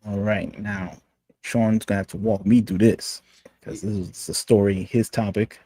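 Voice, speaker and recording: A man co-hosting a casual chat, chiming in with playful quick interjections. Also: lowish voice, level tone, dark tone, dry recording. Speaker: co-host.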